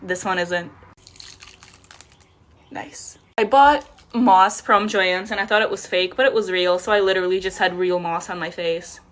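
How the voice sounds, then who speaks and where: A woman's voice: fairly low pitch, unhurried, a little hiss or hum. A young woman chatting playfully and casually to viewers as she talks through her own makeup. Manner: playful, chatty, self-mocking. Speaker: makeup creator. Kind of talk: casual vlog narration.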